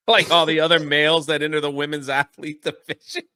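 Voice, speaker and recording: A man's voice: fairly high pitch, little pitch movement, brisk, pushed and bright, clear, resonant tone. An American man co-hosting a casual commentary chat, sarcastic and indignant, often laughing. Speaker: co-host.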